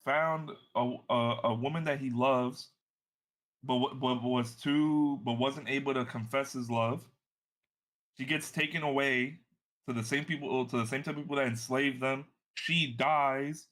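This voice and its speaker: A man's voice: mid-range voice, steady tone, measured pace, a bit bright. A man co-hosting a casual comic reaction, talking in slang, swearing and calling everyone bro. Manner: slang-heavy, swears, calls people bro.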